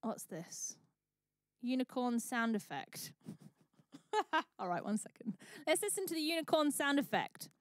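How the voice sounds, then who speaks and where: A woman's voice: on the high side, big pitch swings, measured pace, long pauses, no echo, studio quality. A woman hosting a charity livestream, chatting bubbly and thanking viewers by name. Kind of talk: live-stream chat.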